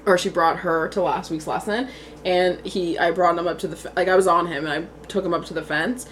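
A woman's voice: lowish voice, steady tone, a little fast, a bit bright, slight background noise. A young woman from Canada co-hosting a podcast in casual chat, telling rambling stories, giggling often and swearing freely. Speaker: podcast co-host.

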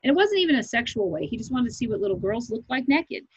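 A middle-aged woman from Kansas, a comedian, talking loudly and emphatically in a rambling podcast chat. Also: on the high side, big pitch swings, fast, slightly rough, dry recording. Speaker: comedian guest. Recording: muffled lo-fi recording.

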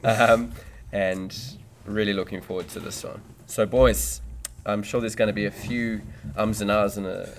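A man's voice: on the low side, steady tone, normal speed, hardly any pauses, a little hiss or hum. A man hosting a casual podcast, boisterous and joking, swearing freely as he chats with his co-hosts. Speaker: podcast host.

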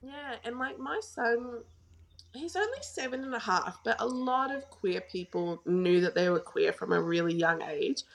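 An Australian woman in her thirties, a guest photographer on a podcast, tells stories in a chatty way and fills her speech with "like." Her voice sits on the low side with vocal fry and a fairly bright tone, suiting the casual podcast chat.

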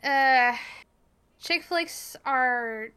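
Young woman, podcast co-host, high voice, casual, playful, laughs often. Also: pushed and bright, clear, resonant tone. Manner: playful, quick to laugh, loose with swearing. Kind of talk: casual chat.

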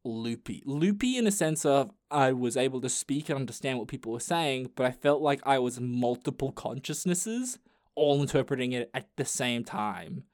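A man's voice: mid-range voice, expressive, normal speed, a little mellow. Swearing, jokey young man. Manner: loose, profane and jokey, with many restarts. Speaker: podcast host. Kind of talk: casual storytelling chat.

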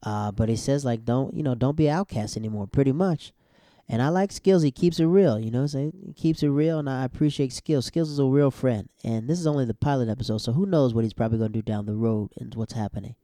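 Young male recapper, slangy and animated, warm tone, dry booth. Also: fast talker, no echo. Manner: animated, slangy, jumps to high exclaiming bursts. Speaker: show recapper. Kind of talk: casual episode recap.

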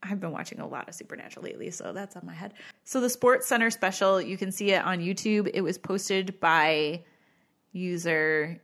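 A woman co-hosting a podcast in casual chat, jokey and quick to exclaim. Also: lowish voice, a bit bright. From United States. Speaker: podcast co-host.

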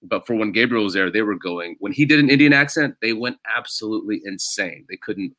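A man with a low, bright voice, talking through his stand-up stories in an easy, animated way. The sound is dry and close, with no room around it. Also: fairly quick, no room sound. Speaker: stand-up comedian. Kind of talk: casual podcast chat.

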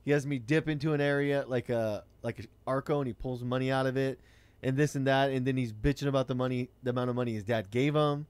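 A man's voice: mid-range voice, steady tone, fast, a little mellow, clear, resonant tone, no room sound. A man, telling a rideshare-driving story in blunt, profane casual chat.

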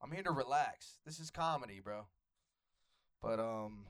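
A man's voice: mid-range voice, animated, measured pace, pauses often. A young man from Atlanta with a Southern Atlanta accent, doing loose, profane stand-up crowd work on a comedy club stage. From Atlanta, USA. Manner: loose, profane, riffs with the audience.

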